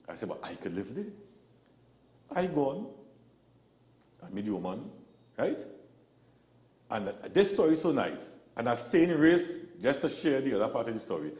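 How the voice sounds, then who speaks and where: Animated man, roomy sound. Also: mid-range voice. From Trinidad and Tobago. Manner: animated storyteller, acts out quotes. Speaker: guest. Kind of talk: casual talk show conversation.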